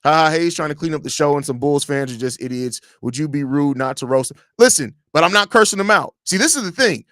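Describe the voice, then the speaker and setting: On a live podcast stream, a Chicago-accented man reads out chat comments and rants with blunt, profane energy, animated and fairly quick with few pauses. His fairly bright voice is high for a man, captured dry and close with no room sound.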